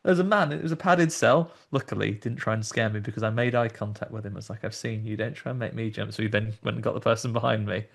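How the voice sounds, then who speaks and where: A man hosting a horror podcast, telling stories in lively casual chat and acting out the voices of the people in them. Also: on the low side, fast, gravelly, few pauses. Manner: animated storytelling, acts out voices. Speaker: podcast host.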